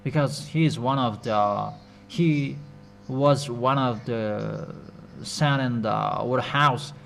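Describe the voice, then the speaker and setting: A man preaching a sermon in a halting, repetitive, scolding way. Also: medium pitch, gravelly, fairly bright tone, slight background noise.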